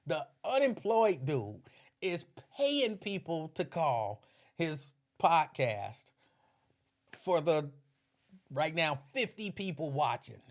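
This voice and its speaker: A man's voice: fairly high pitch, takes it slowly. A man hosting his own podcast, chatting casually about his years in radio and laughing often. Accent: Cincinnati area. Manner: laughs often, animated storytelling. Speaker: podcast host, former radio host. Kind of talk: casual livestream chat.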